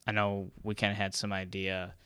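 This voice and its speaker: A man co-hosting a podcast, chatting casually and often pausing to search for words. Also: sits low, monotone, pushed and bright, smooth, no room sound, studio quality. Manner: hesitant, searching for words with many fillers. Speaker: podcast co-host. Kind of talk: casual chat.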